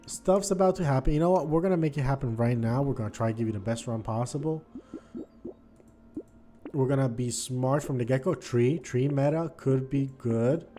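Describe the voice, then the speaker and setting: A man giving casual gameplay commentary, thinking aloud and swinging between quiet muttering and frustrated outbursts. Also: medium pitch, normal speed, faint music behind. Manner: thinks aloud, repeats words and restarts. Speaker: gaming video host.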